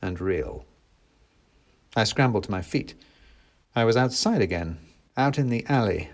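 A man reading a storybook aloud, animated and wry, acting out the dialogue. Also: fairly low pitch, a little slow. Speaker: audiobook reader. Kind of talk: expressive storybook narration.

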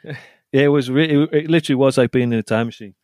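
Male co-host, mid-pitched, rambling storyteller, dry studio sound. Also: rapid-fire, darkish tone, no room sound. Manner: rambling, repeats himself, reads reviews aloud with laughs. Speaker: podcast co-host. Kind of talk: casual chat.

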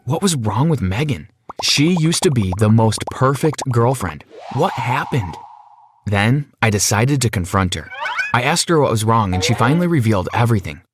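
A man's voice: medium pitch, animated, moderate pace, noisy background. A young man narrating a first-person story in a dramatic, self-questioning way.

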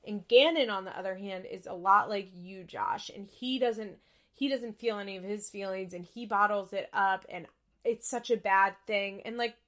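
A woman's voice: medium pitch, moderate pace, a bit bright. A young woman hosting a podcast, chatting candidly about a reality show and swearing freely. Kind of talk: casual chat recapping a reality show.

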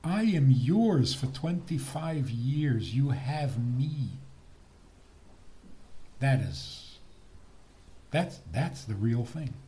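A man's voice: medium pitch, lively intonation, drawn-out words, pauses often, mellow. A man giving a humorous lecture on marriage, playful and chuckling at his own jokes.

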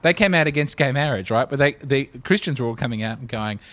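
Lively bright-voiced comedy podcast man. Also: on the high side, quick pace. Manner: rambling, reads quotes in put-on voices. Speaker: podcast co-host. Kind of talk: casual comedic chat.

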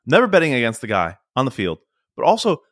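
Animated, playful male podcast co-host. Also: medium pitch, fast talker, dry recording, clean studio sound. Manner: animated, stumbling restarts, playful. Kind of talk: casual sports and pop culture chat.

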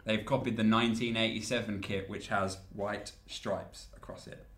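A man co-hosting a podcast, laid-back and halting, with lots of ums. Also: lowish voice, little pitch movement, a bit bright, roomy sound. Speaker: podcast co-host. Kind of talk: casual chat.

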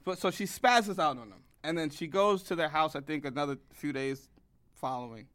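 Young male co-host, lively storyteller, slightly higher voice, dry studio sound. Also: normal speed, no echo. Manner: animated, acts out street scenes in voices. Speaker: podcast co-host. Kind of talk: casual chat. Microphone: studio microphone.

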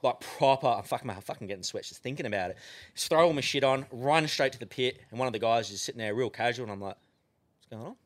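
Fast-talking and mid-range in pitch, this man has an Australian accent. He's a guest on a podcast, relaxed and swearing frequently while he spins his colorful tales.

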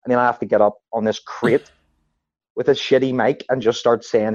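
A man's voice: mid-range voice, moderate pace. A man, a stand-up comedian, telling stories in casual chat and acting out what people said. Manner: animated anecdotes with acted-out quotes.

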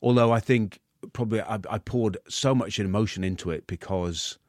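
Guest in his 50s, low-pitched, halting delivery, dry close sound. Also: darkish tone, dry recording. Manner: halting, many restarts. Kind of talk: interview.

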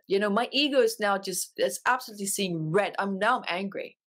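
A woman's voice: medium pitch, fairly quick. A woman, an author and life coach, telling her personal story as a guest in an interview, earnest and emotional, and she repeats phrases for emphasis.

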